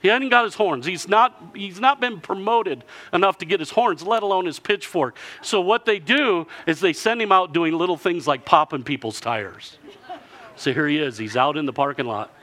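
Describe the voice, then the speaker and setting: Man, preacher, sermon, bright tone, fairly high pitch, animated storytelling. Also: normal speed. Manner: lively storytelling, acting out villagers in character.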